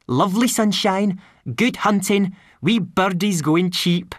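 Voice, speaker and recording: A woman's voice: mid-range voice, slow pace, dry recording, voice pushed up. A woman voicing a cheerful tiny male pixie clan chief with a Scottish accent, in a storybook reading. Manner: hearty, boisterous, cheerful.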